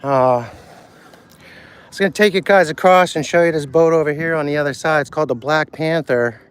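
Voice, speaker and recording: A man's voice: on the high side, fairly quick, smooth. Chatty man live-streaming at a harbor. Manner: loose, chatty, swears freely. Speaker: vlogger walking a harbor. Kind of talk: casual live-stream chat. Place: outdoors at a harbor dock.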